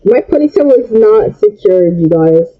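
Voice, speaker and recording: High-voiced young man, agitated and husky. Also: expressive, moderate pace, phone-quality sound. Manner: agitated, repetitive, stumbling over words. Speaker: vlogger. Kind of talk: storytime rant.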